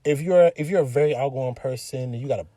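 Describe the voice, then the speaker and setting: A man's voice: mid-range voice, fast, dark tone, no room sound. A young man co-hosting a podcast, talking casually and bluntly from inside a car, repeating his points. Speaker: podcast co-host. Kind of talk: casual chat.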